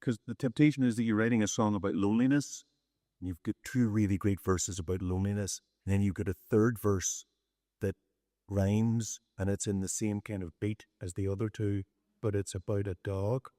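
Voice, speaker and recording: A middle-aged Northern Irish songwriter chatting on stage with an easy, storytelling manner. His voice sits low, and the close mic gives a dry sound with no room around it. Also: normal speed, dry recording. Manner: relaxed, storytelling, self-deprecating. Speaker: songwriter guest. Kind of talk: on-stage conversation.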